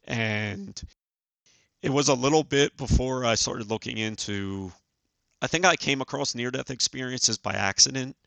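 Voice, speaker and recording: A man in his forties, a podcast guest, telling a personal story in an earnest, halting way with many fillers. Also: medium pitch, gravelly, bright, forceful tone, no echo. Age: 40s. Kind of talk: casual storytelling.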